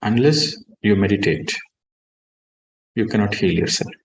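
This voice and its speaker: Calm low-voiced meditation teacher. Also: male voice, poor audio. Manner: calm, measured, stresses key words. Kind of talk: guided meditation and spiritual talk.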